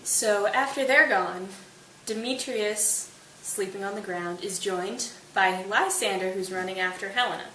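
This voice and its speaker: A woman's voice: medium pitch, measured pace, bright, forceful tone. Chatty woman retelling a play. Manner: chatty, playful asides. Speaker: host. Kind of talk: casual plot explainer. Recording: roomy distant mic with hiss.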